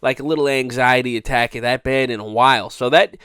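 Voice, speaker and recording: Animated, swearing storyteller man. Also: mid-range voice, a little fast, clean tone, dry recording, clean studio sound. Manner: animated storyteller, swears a lot, acts out others' voices. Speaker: podcast co-host. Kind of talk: casual chat.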